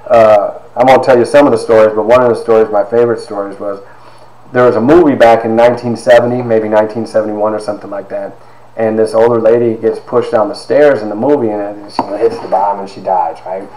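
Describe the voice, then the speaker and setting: A man in his fifties giving a personal testimony, halting with fillers and acting out quoted dialogue. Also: fairly low pitch, steady tone, darkish tone. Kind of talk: personal storytelling talk. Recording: roomy echo.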